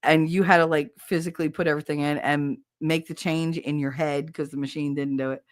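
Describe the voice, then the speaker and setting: A woman hosting a casual livestream chat, reading comments aloud and answering them in a brash, swearing way, with frequent laughter and quick mimicry. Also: sits low, level tone, no room sound, studio quality. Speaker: podcast host reading chat.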